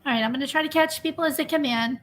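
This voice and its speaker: A woman's voice: high-pitched, racing, fairly bright tone. Chatty woman streamer greeting viewers. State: emotionally drained. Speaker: true crime livestream host. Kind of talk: casual livestream chat.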